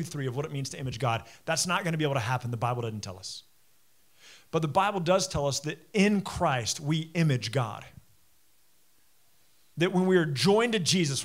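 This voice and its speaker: High-voiced preacher telling stories. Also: male voice. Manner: conversational storytelling, drops to a quiet low voice. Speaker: pastor. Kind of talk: sermon. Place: church auditorium.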